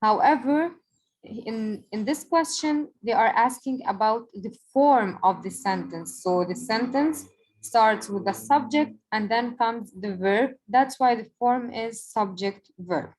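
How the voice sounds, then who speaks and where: A woman teacher going through worksheet answers in a recorded lesson, slowing down to stress each example sentence. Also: fairly high pitch, a little mellow, low-quality recording. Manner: patient, explanatory, stresses example sentences slowly.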